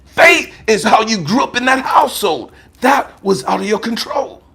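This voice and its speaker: A man voicing God as a stern but patient divine presence, speaking slowly in a hushed, partly whispered way. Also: on the high side, very animated, slight background noise, heavily acted. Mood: forceful.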